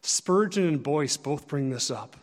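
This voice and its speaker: A man preaching a sermon as pastor, earnest and conversational, rising and dropping in loudness to press his points. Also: on the high side, animated, a little slow, long reverb tail.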